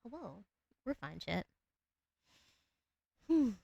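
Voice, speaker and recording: A woman with a low alto voice chatting casually with her live-stream viewers, giggling often. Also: lively intonation, normal speed, dry recording, lo-fi sound. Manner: chatty, giggly, talks to chat and her cat.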